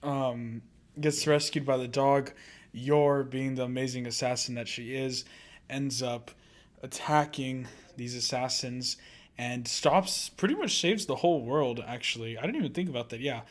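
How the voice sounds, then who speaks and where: A man's voice: mid-range voice, a little slow. A man co-hosting a casual anime podcast who keeps breaking into laughter and losing his train of thought. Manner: giggly and easily distracted, often breaking into laughter. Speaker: podcast co-host.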